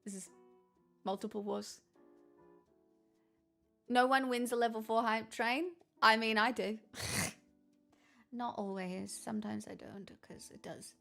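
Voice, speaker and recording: A woman streams live in a put-on Irish accent that she admits is bad. She rambles, jokes and swears as she chats, in a fairly high voice. Soft music plays faintly underneath her. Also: fairly even intonation, slow, vocal fry, pauses often. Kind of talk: casual live stream chat.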